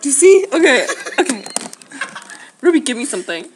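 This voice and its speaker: A woman's voice: high-pitched, sing-song, fairly quick. A teenage girl in a casual home video, shrieking and laughing in panic. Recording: noisy home camera recording.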